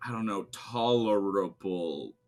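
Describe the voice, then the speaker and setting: A man co-hosting a podcast, casually discussing a show in a relaxed, rambling way with frequent swearing and laughter. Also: on the low side, slow pace. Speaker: podcast co-host. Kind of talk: casual chat recapping a show.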